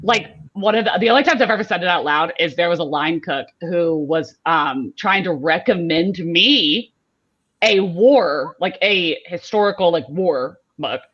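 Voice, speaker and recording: A woman's voice: on the low side, animated, unhurried, fairly bright tone, breathy edge. Woman co-host, rambling storyteller, many "like"s, slightly dull lo-fi sound. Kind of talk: casual chat.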